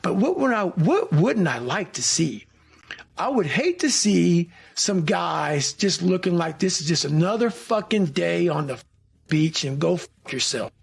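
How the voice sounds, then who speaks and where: A former special forces trainee tells a war-training story in an intense, profane, motivational style, swearing and acting out the shouts he quotes. His voice sits high and is very animated yet unhurried, with vocal fry and a slightly rough edge.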